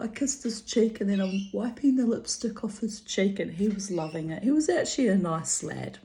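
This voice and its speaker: A woman's voice: mid-range voice, expressive, moderate pace, hardly any pauses, warm tone. An older woman, rambling through a personal story in a chatty way, laughing often. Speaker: vlogger.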